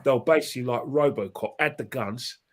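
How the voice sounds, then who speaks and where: Guy on a podcast going on about a match, keeps restarting and repeating himself, worked up, normal pitch. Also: fairly quick. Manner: rambling, with many restarts and repeated phrases; impassioned. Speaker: podcast guest, football fan. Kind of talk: casual anecdotal storytelling.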